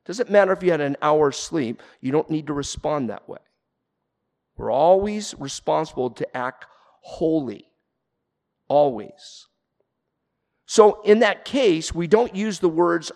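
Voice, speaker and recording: A man preaching a sermon as pastor, earnest and emphatic, rising to forceful peaks. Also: a little high, lively intonation, measured pace, creaky, long reverb tail.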